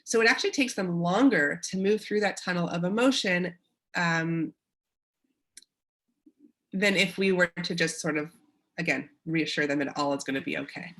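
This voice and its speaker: Canadian lady giving a parenting webinar, kinda low voice, upbeat and encouraging. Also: moderate pace, pauses often. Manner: warm, encouraging, acts out short quotes. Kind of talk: presenting a webinar talk.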